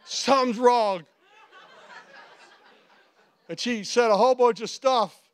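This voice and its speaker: A male pastor preaching a sermon, telling stories with animated quoted voices and frequent laughter. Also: extremely high pitch, slow pace, clear, resonant tone, a faint crowd. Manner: animated storytelling, acts out quotes, laughs often. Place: church.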